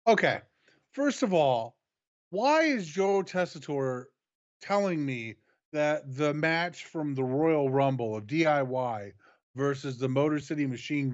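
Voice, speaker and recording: A man co-hosting a wrestling review show, making slow, dry remarks in casual banter. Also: a little high, animated, lo-fi sound.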